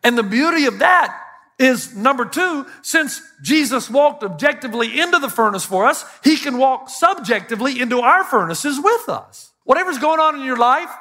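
Bright high-voiced preacher man. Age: older. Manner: animated storytelling preacher, quick asides and self-deprecating humor. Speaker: pastor. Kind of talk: sermon. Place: church stage before a congregation.

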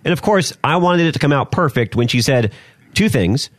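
A man's voice: fairly high pitch, animated, moderate pace, dry recording, studio quality. A man who produces a radio show, chatting on air in an upbeat storytelling way. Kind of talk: casual on-air chat.

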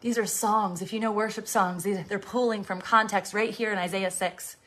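A woman's voice: medium pitch, fairly even intonation, moderate pace, a bit bright. A woman, out of breath as she pedals an exercise bike, preaching with passion and often dropping to a whisper. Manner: passionate, fervent, dips into whispers. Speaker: preacher and fitness host. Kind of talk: devotional preaching while riding an exercise bike.

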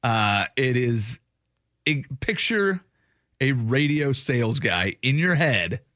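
A man's voice: medium pitch, very animated, takes it slowly, a bit bright, dry recording, clean studio sound. A man hosting a sports radio show, telling rambling stories in casual banter. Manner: rambling, chatty storyteller.

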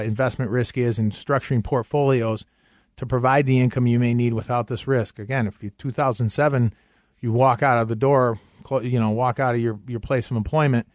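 A man hosting a financial radio show, talking retirement planning and pitching a free consultation in an upbeat way. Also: no echo, studio quality. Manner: upbeat pitch, repeats phone number slowly.

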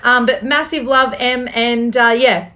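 A woman's voice: on the high side, measured pace, pushed and bright. A woman, hosting a casual podcast chat in a chatty, gushing way. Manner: chatty and gushing, laughs easily. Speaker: podcast host.

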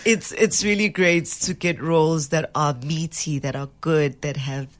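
A woman's voice: low voice, fairly even intonation, measured pace. A woman, an actress being interviewed, who chats animatedly, laughs often and slips Zulu phrases into her talk. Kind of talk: casual interview chat.

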